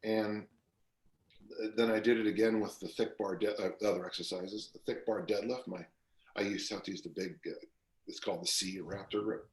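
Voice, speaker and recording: Older guy in his 60s, very low voice, rambles thru stories, echoey room. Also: steady tone, brisk. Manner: rambling storyteller with fillers and restarts. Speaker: guest strength coach. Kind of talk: casual podcast interview. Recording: roomy echo.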